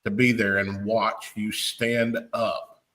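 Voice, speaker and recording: A man's voice: fairly low pitch, little pitch movement, slow pace, bright, forceful tone. A man hosting a podcast, making a fervent, emotional appeal while close to tears, often stumbling over repeated words. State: tearful. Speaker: podcast host. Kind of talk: impassioned appeal, preacher-like.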